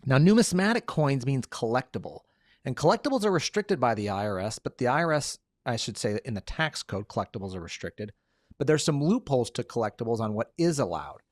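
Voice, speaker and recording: A man's voice: medium pitch, sing-song, fairly quick, no room sound, studio quality. A man hosting a casual podcast, answering listener questions in an upbeat, joking way. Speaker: podcast host and lawyer.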